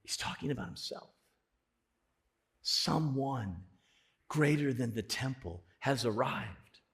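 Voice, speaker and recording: A man preaching a sermon as pastor, conversational, swelling loud on key points. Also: medium pitch, expressive, takes it slowly, creaky.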